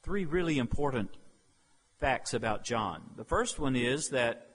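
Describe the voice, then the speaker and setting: A man preaching a sermon, slow and emphatic, with dramatic pauses, in a church sanctuary. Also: medium pitch, animated, husky. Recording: long reverb of a large hall.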